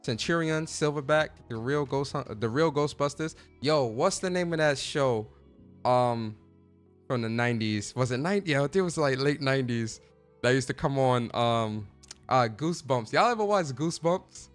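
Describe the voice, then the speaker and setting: A man in a casual livestream chat, chatty and slangy, his voice jumping up and down as he gets excited. He sits at a middle pitch, and soft music plays underneath him. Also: normal speed. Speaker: podcast host.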